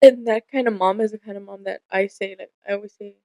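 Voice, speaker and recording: A woman's voice: mid-range voice, steady tone, fast, dark tone, no room sound, poor audio. A young woman co-hosting a casual podcast, telling stories candidly and swearing freely, acting out the lines of the people in them. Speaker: podcast co-host.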